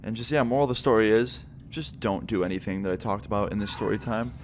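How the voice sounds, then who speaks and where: Young male vlogger, lowish voice, easygoing storyteller for a storytime video. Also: quick pace, slight background noise. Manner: relaxed, loose, filler-heavy delivery. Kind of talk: casual storytelling.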